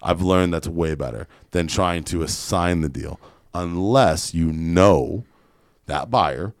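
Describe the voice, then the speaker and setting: A man with a very low voice tells a story on a podcast in a blunt, profane way and acts out what other people said. He sounds close and dry, with no room echo. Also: takes it slowly. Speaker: guest entrepreneur.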